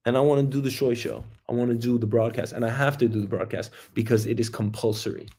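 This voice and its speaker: A man in his thirties hosts his own show in a loose, rambling monologue. His voice sits in a middle pitch with a gravelly, fry-heavy edge. He jokes, swears, and breaks into sudden loud bursts. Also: fairly even intonation, fast talker. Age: 30s. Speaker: host. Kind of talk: casual solo monologue.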